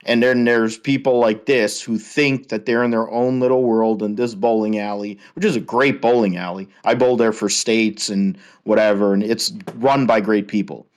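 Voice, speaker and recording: Give me a male podcast host ranting heatedly and cursing freely, with a fairly low voice. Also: fairly even intonation, moderate pace, hardly any pauses. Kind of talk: casual ranting chat.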